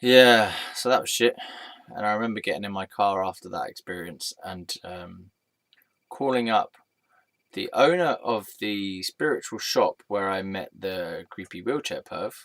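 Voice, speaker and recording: A man's voice: low-pitched, a little slow, fairly bright tone. A man telling a personal story in a rambling, sweary way, full of filler words.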